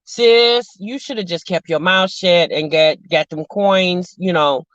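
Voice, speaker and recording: On a casual stream where she reacts to reality TV, a sassy, talkative woman host greets viewers as sis and y'all. Her voice is on the low side and fairly bright, and she talks a little slowly. The recording is dull, lo-fi and dry, with no room sound.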